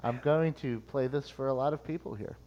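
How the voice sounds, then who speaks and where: A man's voice: mid-range voice, fairly quick, lo-fi sound, a crowd in the background. A man co-hosting a comedy show who teases and needles the others in casual banter. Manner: teasing, needling. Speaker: co-host.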